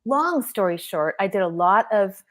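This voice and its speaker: A woman's voice: medium pitch, expressive, normal speed, a bit bright. Earnest middle-aged woman telling a story. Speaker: guest panelist. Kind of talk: personal storytelling on a live stream. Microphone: video call.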